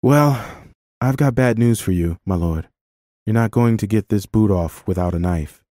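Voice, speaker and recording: A man's voice: on the low side, normal speed, warm tone, dry recording, studio quality, lightly acted. Man voicing a guarded young peasant woman. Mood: polite. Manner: polite, guarded speech. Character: young peasant woman, skeptical yet kind. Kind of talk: audiobook character voice.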